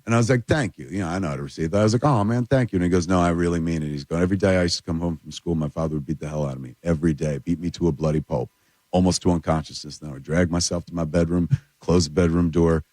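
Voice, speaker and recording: A man, a filmmaker guest telling animated, rambling stories in a casual studio chat. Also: deep voice, racing, no echo. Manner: animated, rambling anecdotes with lots of "like" and "dude". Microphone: radio studio mic.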